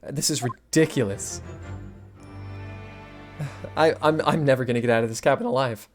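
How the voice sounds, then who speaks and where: A woman's voice: extremely low pitch, moderate pace, soft background music. A woman voicing a bewildered young male lawyer from a game, hesitant and stammering. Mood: baffled.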